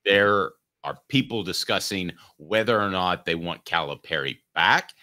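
Animated man hosting sports talk. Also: sits low, unhurried. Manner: animated, does mock impressions. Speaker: sports talk show host.

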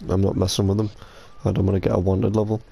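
A man's voice: sits low, flat delivery, fast, gravelly, dark tone, breathy edge. A young British man in casual gaming chat with friends, sweary and rambling. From United Kingdom. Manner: sweary, banter-heavy, rambling. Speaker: streamer playing with friends.

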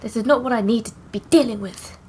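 A woman's voice: on the high side, fast, a little mellow, a little hiss or hum. A young woman commenting on her game as she plays, swearing freely and reacting bluntly to the action. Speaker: gaming streamer. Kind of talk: gameplay commentary.

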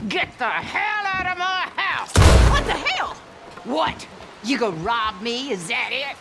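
A woman's voice: sits high, noisy background, exaggerated voice. An actress voicing a mean, foul-mouthed old rural grandmother who hurls insults and threats, with a harsh, scolding voice. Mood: scornful. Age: older. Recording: game audio with music behind.

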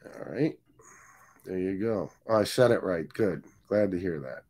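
A man's voice: deep voice, expressive, a little slow, a little mellow. A man hosting a casual livestream, joking, cursing, and reading viewer comments aloud. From US Northeast. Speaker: livestream host.

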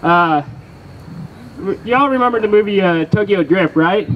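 With dull audio and slight background noise, a young man with a high voice and Texan accent works a comedy venue at a measured pace. He rambles profanely, mocks himself in asides, and leans on fillers as the crowd laughs.

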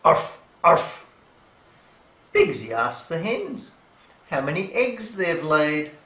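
A woman's voice: sits low, sing-song, slow, distant mic. A woman reading a children's picture book aloud, playfully imitating animal sounds. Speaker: storybook reader. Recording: echoey room.

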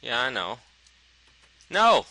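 Man, co-op gamer, bright tense tone, dry close headset sound, joking banter. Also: medium pitch, huge pitch swings, slow pace, no room sound, low-quality recording. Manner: joking, reads signs aloud in a silly voice. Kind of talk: casual co-op gameplay chat.

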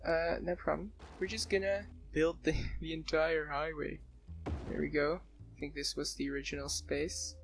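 A man giving casual gameplay commentary, excitable, often laughing and exclaiming at what he sees. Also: fairly high pitch, normal speed, creaky. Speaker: let's play gamer. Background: soft background music.

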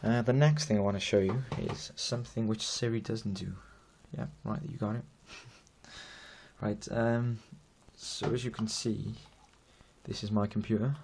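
Easygoing young Welsh man, flat low voice. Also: measured pace, vocal fry, a little hiss or hum. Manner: rambling, easygoing, self-deprecating. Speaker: app developer giving a demo. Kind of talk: casual demo talk.

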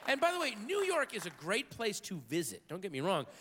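A man doing a stand-up comedy routine on a theater stage, telling stories with sudden shouted outbursts. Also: high voice, huge pitch swings, fairly quick, slight background noise. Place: large theater stage with live audience. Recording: live hall recording with crowd.

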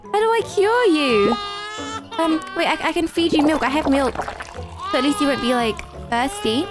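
High-voiced, flustered young woman. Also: animated. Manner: flustered, rapid, swoops up high when panicking, mock-crying. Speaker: gaming YouTuber. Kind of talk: let's-play commentary. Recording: game music playing behind.

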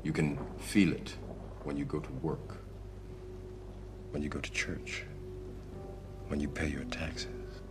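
An actor playing a calm, grave male mentor in a film, speaking slowly and measuredly and sinking to near whispers. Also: a bass voice, over music. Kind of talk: film dialogue.

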